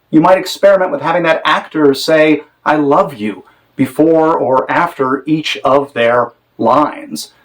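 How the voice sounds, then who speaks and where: A man teaching theater directing in a measured, demonstrative way, now and then acting out sample lines. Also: on the high side, rough recording. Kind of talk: instructional talk on directing.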